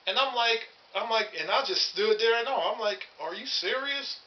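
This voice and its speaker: A man's voice: very high-pitched, a little fast. A man in his thirties telling his story to camera in a blunt, profane, angry rant. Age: 30s. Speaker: vlogger. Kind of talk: angry personal monologue to camera. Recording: dull lo-fi audio.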